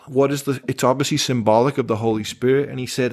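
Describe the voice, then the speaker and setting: A man with a mid-range voice hosts a podcast in casual conversation. He talks in an animated way, often retelling what other people said. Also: mid-range voice, quick pace, hardly any pauses. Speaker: podcast host.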